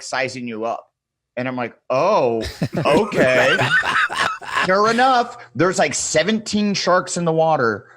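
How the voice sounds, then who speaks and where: A man in casual podcast chat, telling a story with lots of swearing and laughter, acting out what others said. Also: mid-range voice. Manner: animated storyteller, acts out quotes, swears freely, laughs often. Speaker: podcast guest.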